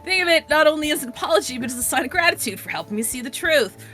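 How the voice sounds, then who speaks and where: A woman's voice: sits high, expressive, very fast, sharp tone, soft background music, voice pushed up. A woman reading aloud as a remorseful young woman who has left a cult, in an earnest, plain reading of game dialogue. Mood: grateful.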